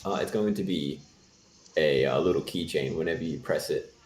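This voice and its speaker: A man's voice: a bass voice, moderate pace, darkish tone, a little hiss or hum. A man with an Australian accent, casually commentating a live game tournament stream and joking around. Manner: joking, chatty, laughs often. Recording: echoey room with faint music.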